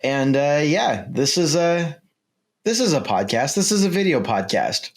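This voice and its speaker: A man's voice: a little high, animated, a little slow. A man hosting a podcast in casual chat, dry and laid-back, often answering briefly. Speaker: podcast host.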